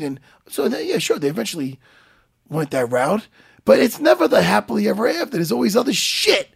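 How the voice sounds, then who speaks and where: A man co-hosting a podcast in casual chat, excitable and emotional, swearing and laughing often as he talks. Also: high-pitched, fairly quick, gravelly, slightly rough. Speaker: podcast co-host.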